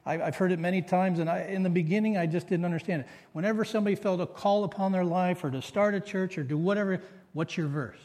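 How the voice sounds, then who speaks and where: A man's voice: high voice, steady tone, fast, few pauses, darkish tone. Man preaching in a reverberant church. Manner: earnest preaching with personal stories. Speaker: pastor. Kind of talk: sermon. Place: church sanctuary.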